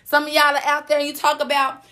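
A woman's voice: high voice, monotone, fast, sharp tone. A woman hosting a motivational podcast monologue, sassy and profane, preaching and repeating lines for emphasis. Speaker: podcast host.

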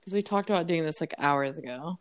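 A woman's voice: low-pitched, fairly quick. A young woman hosting a podcast, chatting casually with a friend, laughing often and cutting in on him. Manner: giggly, laughs often, talks over the other speaker. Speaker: podcast host. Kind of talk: casual chat. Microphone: phone call.

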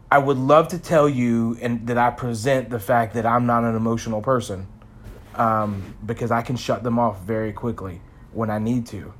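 A man who works in sales, talking candidly in a reflective vlog, searching for his words with many restarts. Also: medium pitch. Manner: rambling, searching, frequent restarts; candid, self-examining. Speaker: vlogger in sales.

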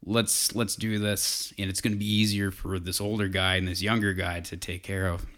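A man's voice: deep voice, level tone, moderate pace, a bit bright. A man telling a casual hunting story, rambling with fillers and restarts.

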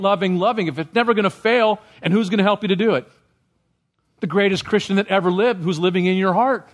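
A man preaching a sermon as pastor, often checking in with the congregation with questions. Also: fairly high pitch. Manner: asks the congregation questions, rising when stirred.

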